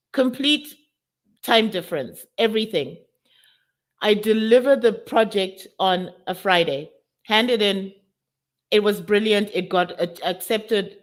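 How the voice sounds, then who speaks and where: Candid woman telling her story. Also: mid-range voice. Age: adult with college-age daughter. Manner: candid and emotional, addresses audience as guys. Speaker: summit speaker. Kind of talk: personal testimony talk.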